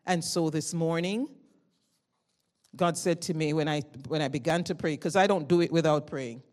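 A woman preaches from the pulpit, loud and fervent, moving between easy conversational storytelling and sudden surges of feeling. Her delivery is personal and direct, like she is talking to each listener in the congregation. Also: sits low, normal speed. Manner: conversational storytelling with rising emotional bursts. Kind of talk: sermon.

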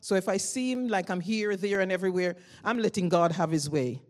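A woman preaching a sermon in a loud, fervent way, telling stories in a conversational tone that climbs into emotional bursts. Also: on the low side, a little fast.

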